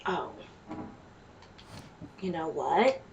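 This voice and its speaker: A woman's voice: on the low side, lively intonation, very slow, vocal fry, lo-fi sound. A woman chatting casually to herself while playing a video game, muttering and reacting. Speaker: let's play gamer. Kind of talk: casual gameplay commentary. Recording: distant mic with faint noise.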